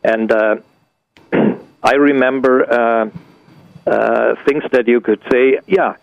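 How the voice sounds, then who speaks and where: An older man from Switzerland answering as a radio guest, halting and full of fillers and restarts, on dull lo-fi radio audio. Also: mid-range voice, fairly even intonation, vocal fry, no room sound.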